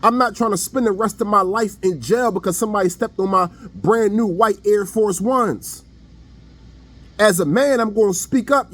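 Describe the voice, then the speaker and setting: A man with a high, light voice talks straight to his audience in a casual opinion monologue. His delivery is blunt and preachy, full of everyday slang. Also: normal speed, fairly bright tone. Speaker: online commentator.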